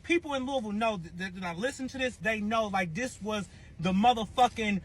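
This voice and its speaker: A man with a high, husky voice recounts a personal drama in casual storytime fashion. He talks in an animated, emphatic way and swears constantly as he goes. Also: brisk. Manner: profane, animated, emphatic retelling.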